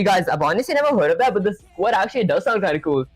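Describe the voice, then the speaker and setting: A man's voice: high voice, sing-song, rapid-fire, hardly any pauses, breathy edge, no echo, rough recording. Rambling man streaming live code. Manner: rambling, loose, full of fillers. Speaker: livestreamer coding live. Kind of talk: casual live-coding stream chat.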